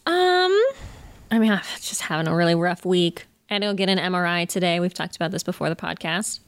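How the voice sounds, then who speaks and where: A woman co-hosting a podcast, telling stories in a casual, animated way, swearing freely and laughing often. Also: lowish voice, brisk, dry recording. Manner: animated, profane storytelling with frequent laughter. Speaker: podcast co-host. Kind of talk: casual chat.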